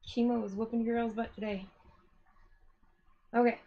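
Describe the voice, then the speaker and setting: A woman's voice: a little high, little pitch movement, moderate pace, highs cut off. A woman hosting a yarn-dyeing live stream, chatting casually, greeting viewers one by one and a little out of breath. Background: a dog whining now and then.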